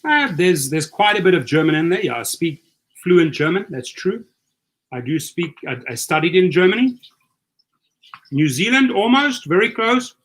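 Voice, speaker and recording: A middle-aged man with a South African accent and a fairly high voice runs a livestream chat. He coaches his listeners with energy and tends to restart and repeat his words. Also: expressive, normal speed, fairly bright tone. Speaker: host. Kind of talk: livestream chat giving advice.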